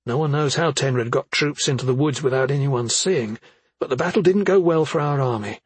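A woman's voice: extremely low pitch, normal speed, breathy edge, dry recording, voice pushed up. A man reading an audiobook, voicing a worried middle-aged mother who questions her son sharply and skeptically. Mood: grave. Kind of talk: audiobook character voice.

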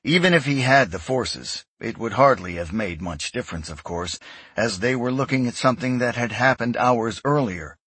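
A man giving scripted narration of a sci-fi story in a measured, even way. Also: mid-range voice, breathy edge, dry recording. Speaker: audiobook narrator.

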